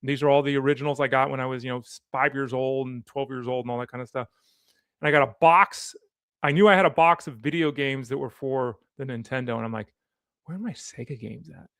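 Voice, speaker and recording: Chatty man with a gravelly voice. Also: medium pitch, brisk, fairly bright tone, no echo, clean studio sound. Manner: rambling, chatty, easily sidetracked. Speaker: sports podcast host. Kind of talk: casual chat while opening card packs.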